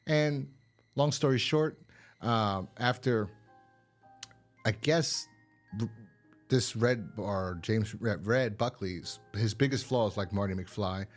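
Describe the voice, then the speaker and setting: Speaking slowly with long pauses, this horror podcast co-host rambles through an episode recap, full of fillers and the odd curse. His pitch is fairly low, and music plays faintly underneath.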